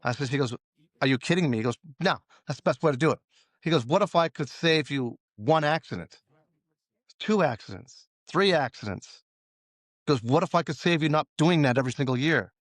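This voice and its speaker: A man's voice: on the high side, expressive, a little fast, dry recording. A man as a safety consultant guest, talking casually in an interview and telling stories with acted-out dialogue. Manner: storytelling, acts out quoted dialogue.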